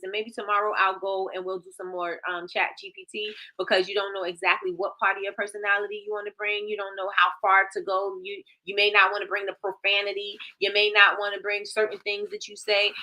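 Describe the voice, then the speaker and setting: Emphatic woman host, bright voice. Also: mid-range voice, fast, hardly any pauses, poor audio. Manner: emphatic, repetitive, animated, laughs often. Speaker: live stream host. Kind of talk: motivational live-stream chat.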